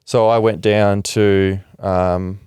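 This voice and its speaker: A man's voice: lowish voice, little pitch movement, slow, a little mellow, clear, resonant tone, dry recording. A young Australian man, a former rugby league player, talks frankly and reflectively as a podcast guest, with casual swearing. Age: young adult. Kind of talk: candid interview talk.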